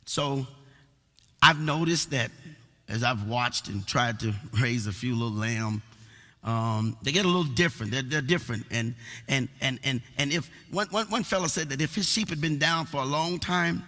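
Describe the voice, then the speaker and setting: A male pastor preaching a sermon, repeating words as he builds, and rising into rhythmic sung shouts. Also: on the high side. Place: church sanctuary. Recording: long reverb of a large church hall.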